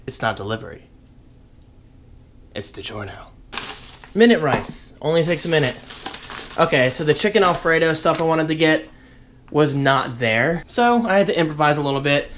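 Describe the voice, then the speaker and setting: Upbeat man vlogging his day, chatty and animated, voice swinging up and down. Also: on the high side, slight background noise. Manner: chatty, animated, joking asides to viewers. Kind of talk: casual daily vlog chat.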